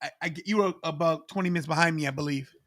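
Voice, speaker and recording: A high-voiced man co-hosts a live watch-along podcast. He is animated and laughs often. He addresses the chat directly between his opinions. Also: fast talker. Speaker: podcast co-host.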